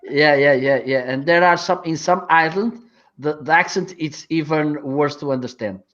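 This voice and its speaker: A man's voice: a little high, moderate pace, fairly bright tone. A man from northern Portugal speaking English with a Portuguese accent, chatting and explaining with many fillers. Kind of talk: casual chat. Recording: dull lo-fi sound.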